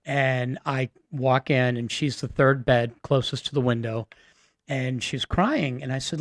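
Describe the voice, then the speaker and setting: A man from Massachusetts, a radio guest, telling a personal story in an earnest, halting way with many fillers. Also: mid-range voice, no room sound, studio quality. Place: radio studio.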